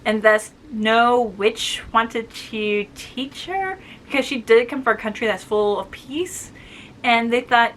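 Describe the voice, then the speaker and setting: A woman casually retells a story's plot in a bright, fairly high voice. She jumps in and out of the characters' lines as she goes. A faint background hiss sits under her talk. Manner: chatty, acts out quoted lines with quick voice shifts. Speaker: book reviewer.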